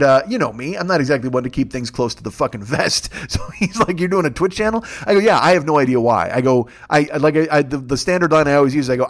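A man in his fifties, a comedian and podcast host, telling a rambling, profane story with exasperated rants. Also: mid-range voice. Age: 50s. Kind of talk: storytelling monologue.

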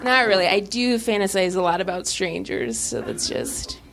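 A young woman doing a stand-up set on a club stage, talking in a deadpan, halting way with many restarts. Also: medium pitch, creaky, loud music behind the voice. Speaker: stand-up comedian.

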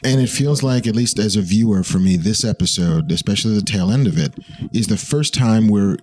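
A man's voice: on the low side, fairly quick, darkish tone, slight background noise. A man hosting a podcast in a playful, jokey casual chat. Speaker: podcast host.

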